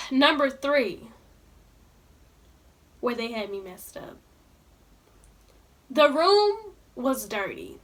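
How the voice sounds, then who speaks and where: A woman's voice: high voice, big pitch swings, extremely slow, long pauses, a bit bright. A young woman telling a storytime vlog in colloquial speech, indignantly ranting straight to her viewers. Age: young adult. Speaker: vlogger.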